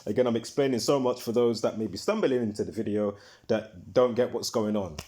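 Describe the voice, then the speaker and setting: A man hosts his own video in a loose, rambling monologue, his voice lowish, quick and slightly mellow. He leans on fillers, repeats himself, keeps restarting, and swears once he gets heated.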